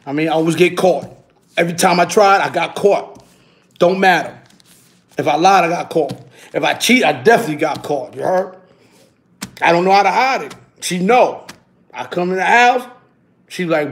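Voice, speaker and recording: High-voiced animated man in his fifties. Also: a little fast, pauses often. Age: 50s. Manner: animated, keeps adding "you heard?". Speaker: YouTube streamer. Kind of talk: casual storytelling.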